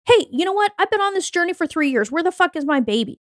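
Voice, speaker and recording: A woman's voice: sits high, expressive, moderate pace, dry recording, studio quality, pitched above the performer's own voice. Woman putting on a whiny, fed-up would-be mom. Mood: exasperated. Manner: whiny, indignant complaining. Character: exasperated woman fed up with waiting for a baby.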